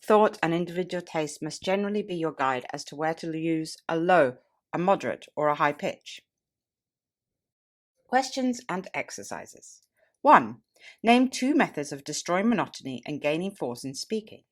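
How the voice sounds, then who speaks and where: Expressive woman reading an audiobook. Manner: expressive, deliberate reading with marked pitch contrasts. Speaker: audiobook reader and toastmaster. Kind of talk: audiobook narration of a speaking manual.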